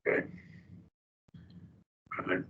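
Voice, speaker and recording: In a church classroom, a man lectures a Bible study group at a slow pace, full of restarts and rhetorical questions. Captured from a distance, the sound is phone-quality with a little hiss or hum.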